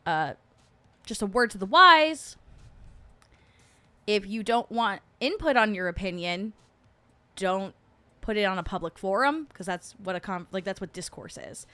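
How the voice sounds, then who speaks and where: A sarcastic woman chats casually as a livestream host, reading the chat aloud in a mid-pitched voice. The sound is dry and close, with no room around it. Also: moderate pace, no room sound. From New Jersey. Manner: sarcastic, chatty, laughs often. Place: at home.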